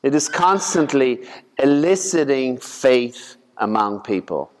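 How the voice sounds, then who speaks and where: A man, a priest, reading a gospel passage aloud and then preaching on it in a slow, measured way. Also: mid-range voice, animated, a little hiss or hum. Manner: slow, measured, deliberate delivery. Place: church. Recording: long church reverb.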